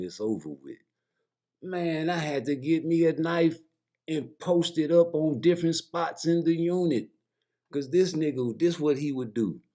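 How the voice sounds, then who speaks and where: Male vlogger, Michigan accent, casual animated storyteller, mid-range voice. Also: mid-range voice. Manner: animated, mimics voices in stories, laughs often.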